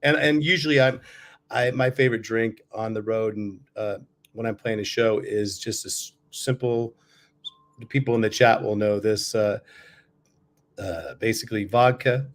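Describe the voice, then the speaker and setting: A man's voice: lowish voice, fairly even intonation, moderate pace. A man talking casually over a video call from a hotel room, his voice worn from touring, rambling easily with many fillers. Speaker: guest musician.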